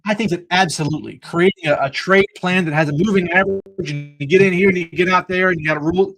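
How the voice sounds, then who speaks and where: A man's voice: sits high, quick pace, creaky, fairly bright tone, faint music behind, rough recording. A man hosting a livestreamed Bible study podcast, talking in an earnest, preacherly way with jokey asides. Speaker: podcast host.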